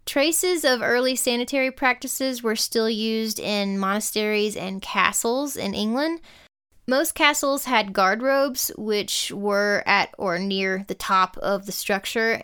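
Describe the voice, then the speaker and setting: Smooth-voiced woman reading history facts. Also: medium pitch, slow, a bit bright. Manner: reads prepared facts, then jokes dryly. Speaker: podcast co-host. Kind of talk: casual history podcast chat.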